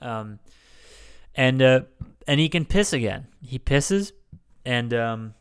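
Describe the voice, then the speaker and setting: A man's voice: mid-range voice, expressive, slow pace, clean tone. A man co-hosting a podcast, recapping a movie in a rambling, crude way, full of fillers and restarts. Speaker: podcast co-host. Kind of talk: casual chat.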